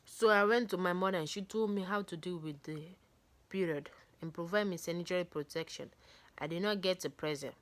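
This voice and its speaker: Lady reading a book out loud, lowish voice, keeps breaking off to chat and joke. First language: not English. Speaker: book reader. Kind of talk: reading a book aloud with chatty asides.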